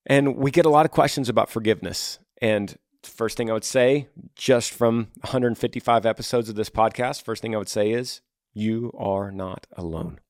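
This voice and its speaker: A man's voice: medium pitch, normal speed, no room sound, clean studio sound. A man hosting an advice podcast, answering listener questions earnestly. He repeats his key points and acts out example lines.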